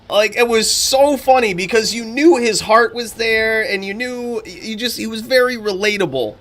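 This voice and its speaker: A man's voice: high-pitched, fairly bright tone. A man hosting a live stream, chatting bluntly and profanely, then calling game fights. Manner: casual, profane, blunt opinions. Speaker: streamer and commentator.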